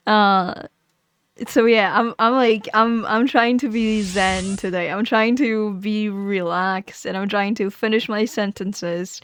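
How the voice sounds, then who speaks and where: A woman's voice: mid-range voice, clear, resonant tone, dry recording, clean studio sound. A woman live streamer chatting casually into a streaming microphone, rambling, giggling and correcting herself as she goes. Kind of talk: casual livestream chat.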